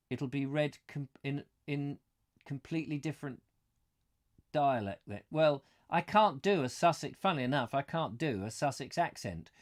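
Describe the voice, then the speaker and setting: A man hosting a live stream from home, chatting casually and self-deprecatingly to his viewers. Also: medium pitch.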